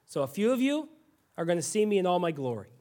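A male pastor preaching a sermon with animated storytelling, now and then dropping suddenly to a quiet voice. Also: high voice, fast talker.

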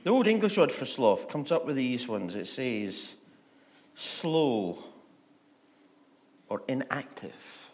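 A man's voice: medium pitch, big pitch swings, slow pace, long pauses, darkish tone. A male pastor giving a conversational, humorous sermon, often stammering and restarting.

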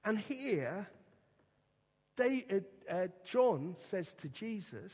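A middle-aged man preaches to his congregation with a notably high voice, taking his time over each phrase. He repeats words for emphasis and presses his points home earnestly. His voice carries a long reverb from the church hall. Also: very animated, a little mellow, breathy edge. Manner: earnest, emphatic, slow and deliberate delivery. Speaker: pastor. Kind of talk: sermon.

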